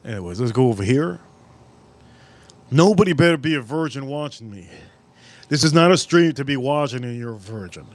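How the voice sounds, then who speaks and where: A man hosting a live cooking stream outdoors at a grill, talking in a casual, profane way with sudden loud exclamations. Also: medium pitch, lively intonation, brisk, pauses often.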